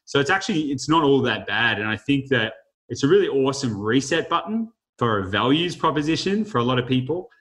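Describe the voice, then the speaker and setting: A man's voice: mid-range voice, lively intonation, a little fast, a bit bright, rough recording. A man hosting an online panel, talking in a rambling, reflective way with many fillers. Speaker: host of an online panel discussion. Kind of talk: casual panel chat.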